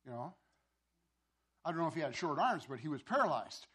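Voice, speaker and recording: A pastor telling a sermon story, with many repeated words and restarts. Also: male voice, fairly high pitch, sing-song, brisk, fairly bright tone, breathy edge.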